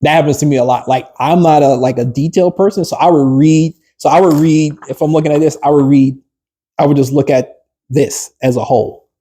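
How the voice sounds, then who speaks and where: A man's voice: a little high, steady tone, brisk, mellow, slightly rough. A man, a business coach, giving a casual workshop talk to a small group, rambling with fillers and restarts and putting questions to the group.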